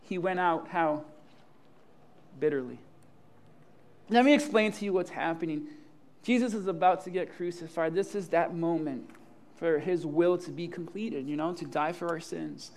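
Animated high-voiced male preacher. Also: moderate pace, long pauses. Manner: animated, acts out Bible scenes in casual voices, laughs often. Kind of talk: sermon.

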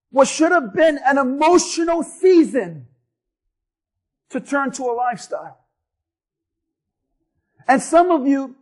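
A male pastor preaches with a strikingly high voice. He delivers the sermon emphatically, hammering his points home through repetition and rising to a forceful push on key phrases. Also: rough recording.

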